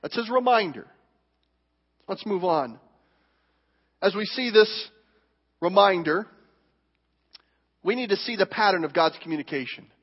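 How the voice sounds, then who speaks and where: A male pastor preaching a sermon in a church, telling stories with emphatic, animated delivery. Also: high voice, measured pace, pauses often, slightly rough. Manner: animated, emphatic storytelling with acted quotes. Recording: dull recording with long hall reverb.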